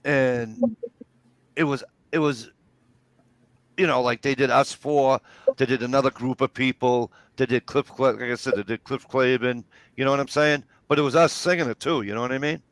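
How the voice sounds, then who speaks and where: A man's voice: mid-range voice, fairly even intonation, normal speed, no room sound. A man, telling rambling, swear-filled stories in casual chat. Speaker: storyteller.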